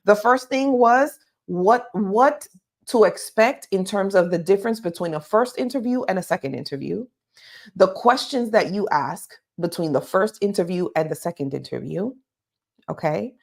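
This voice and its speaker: A woman's voice: medium pitch, expressive, moderate pace, gravelly, a little mellow. A woman giving live career advice, emphatic and talking straight to her listeners, often checking in with "okay?". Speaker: career coach.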